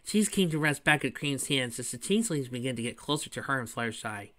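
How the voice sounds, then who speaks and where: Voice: mid-range voice, animated, fast, fairly bright tone. A fan reader narrating a fan story and adding chatty asides. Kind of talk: reading fan fiction with commentary.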